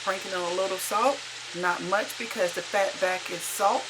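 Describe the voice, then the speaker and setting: A woman's voice: mid-range voice, normal speed, noisy background. A woman, narrating her home cooking video in a homey, repetitive way. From Carolina, US. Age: 60s. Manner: homey, repeats herself, folksy grammar. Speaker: home cook.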